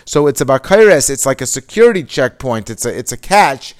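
A man gives a Torah lesson, reading Hebrew passages aloud and then explaining them. His explanations are loose and conversational, full of "you know" and restarts. His voice sits at an ordinary middle pitch for a man. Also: big pitch swings, a little fast. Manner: reads Hebrew text aloud, then explains it in casual English with many fillers. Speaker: Torah teacher. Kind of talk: explaining a Hebrew mussar text.

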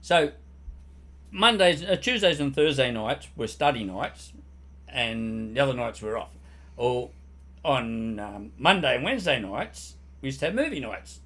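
A man's voice: mid-range voice, expressive, measured pace, a bit bright. An older man telling army stories in casual podcast chat, swearing freely and laughing through his punchlines.

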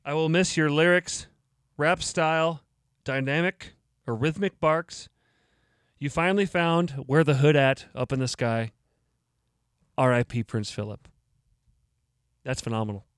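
A man's voice: on the high side, unhurried, long pauses, clean tone, dry recording, clean studio sound. A man hosting his own podcast, joking and mock-indignant, laughing at his own jokes. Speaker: podcast host. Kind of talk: casual solo podcast talk.

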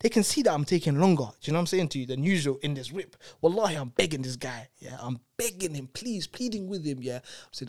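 A young storyteller guest speaks fairly quickly in a voice on the high side, recounting a personal story with animation in casual chat. He uses plenty of tag questions like "innit" and "you know what I'm saying," and the studio sound is clean with no room sound.

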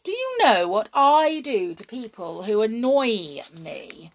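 A woman's voice: on the high side, big pitch swings, slow pace, pitched above the performer's own voice, exaggerated voice. A woman voicing a clever young boy bluffing as a bold wizard in a storybook reading, talking in a commanding way.

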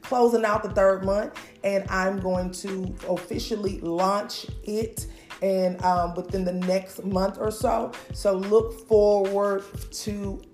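A woman hosting a casual live stream, hyping up her viewers with drawn-out calls. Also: mid-range voice, steady tone, a little mellow, roomy sound, faint music behind.

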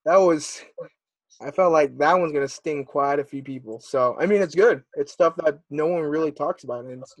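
A man's voice: fairly high pitch, normal speed, dry recording. Laid-back male host, dry close sound. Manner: laid-back, calls listeners guys and guest dude. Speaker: podcast host. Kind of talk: casual podcast chat.

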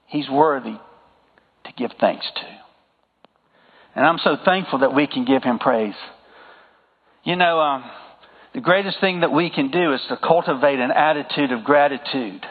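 A man's voice: mid-range voice, normal speed, pauses often, slightly rough. A man with a Southern accent preaching a sermon to a congregation, talking in a conversational way and asking them for amens. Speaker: pastor. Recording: phone-like sound with long hall reverb.

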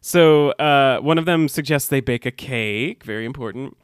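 A man co-hosting a podcast in casual chat, animated and quick to laugh as he acts out quotes. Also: medium pitch, smooth, no room sound, clean studio sound. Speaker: podcast co-host. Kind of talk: casual chat recapping a TV episode.

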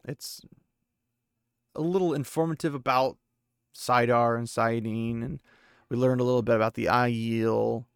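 A man's voice: medium pitch, fairly even intonation, unhurried, gravelly, pauses often, clean tone, no room sound, studio quality. A man hosting a podcast, retelling a book chapter in a chatty, rambling way. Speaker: podcast host. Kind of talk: casual book recap.

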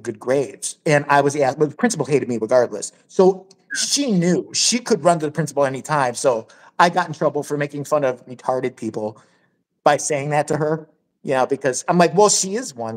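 A woman's voice: low-pitched, lively intonation, fairly quick. A woman hosting a podcast, telling a crude, blunt story in casual chat and swearing freely. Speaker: podcast host.

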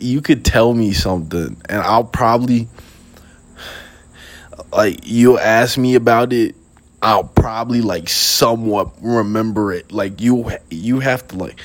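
A young man hosting a casual late-night talk, rambling in slang with lots of fillers and laughs, sitting outdoors. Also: fairly low pitch. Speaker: podcast host.

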